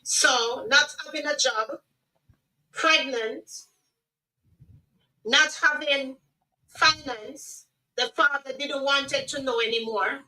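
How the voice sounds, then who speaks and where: A middle-aged Jamaican-accented woman speaks earnestly, with emotion, and often restarts her sentences. Her voice sits high and bright. She sounds a little far from the microphone. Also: slow pace, pauses often. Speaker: guest. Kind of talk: personal testimony on a radio livestream.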